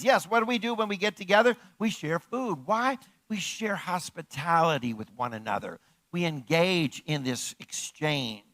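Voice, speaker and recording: A man on the high side of the pitch range preaches a sermon as pastor, captured in a dry recording. He repeats his points, asks rhetorical questions of the congregation, and builds from hushed, close lines to loud, emphatic calls.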